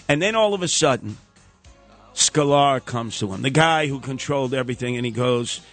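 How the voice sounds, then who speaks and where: A man's voice: animated, brisk, faint music behind. A man hosting a talk radio show, telling a story theatrically and acting out the voices of the people in it. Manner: bombastic, theatrical, acts out quoted voices with big pitch jumps.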